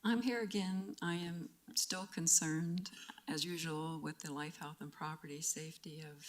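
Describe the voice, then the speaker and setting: A woman's voice: sits low, fairly even intonation, normal speed. An older woman giving public comment at a council meeting, earnest and emotional, fighting back tears and stumbling over restarts.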